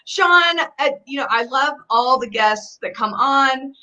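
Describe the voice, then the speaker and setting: A woman's voice: sits high, lively intonation, measured pace, pushed and bright, dull audio. A woman hosting an online talk show, chatty and bubbly, laughing often over a video call. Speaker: host. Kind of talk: casual livestream talk.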